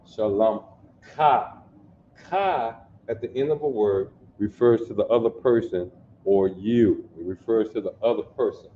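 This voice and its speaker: A man's voice: on the low side, a little hiss or hum. A man teaching a language lesson, explaining word by word, repeating himself and often checking that listeners follow. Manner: slow, repetitive, checks understanding often. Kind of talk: classroom lesson. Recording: dull lo-fi audio in an echoey room.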